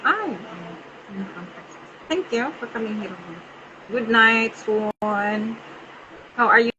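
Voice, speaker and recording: A woman hosting a casual livestream, greeting viewers in halting English and slipping into Tagalog. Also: on the high side, big pitch swings. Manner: halting English with many pauses and fillers, switching into Tagalog. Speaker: livestream host. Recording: muffled phone audio with faint hiss.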